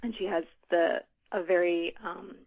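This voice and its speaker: A woman's voice: fairly low pitch, fairly even intonation, a little slow, vocal fry, a little mellow, poor audio. A middle-aged woman author being interviewed, speaking thoughtfully with frequent ums and restarts. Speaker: author guest. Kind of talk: conversational interview.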